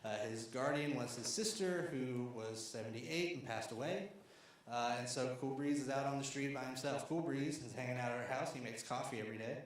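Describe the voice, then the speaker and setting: A man's voice: mid-range voice, a little fast, hardly any pauses, a little hiss or hum. Man from Arkansas telling stories in an echoey hall. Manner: conversational, with fillers and restarts. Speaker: speaker at a lecture series. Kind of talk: storytelling talk. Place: large lecture hall.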